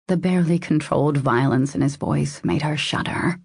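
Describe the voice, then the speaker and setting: A woman narrating a romance audiobook in a steady, measured reading style. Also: sits low, vocal fry, husky, no room sound, studio quality. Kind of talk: scripted narration.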